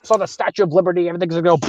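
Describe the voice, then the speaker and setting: A man's voice: high voice, lively intonation, rapid-fire, a little mellow, dry recording, dull audio. A man, a wrestler guest on a call, bragging about himself and joking in a casual chat. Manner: cocky, boastful, joking persona. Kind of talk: casual video call interview. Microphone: phone with headphones.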